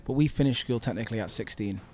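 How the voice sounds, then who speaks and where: Laid-back Mancunian man, low voice. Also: fast talker, slight background noise. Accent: Manchester English. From England. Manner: relaxed, lots of fillers and laughs. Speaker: guest entrepreneur. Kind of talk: casual interview chat.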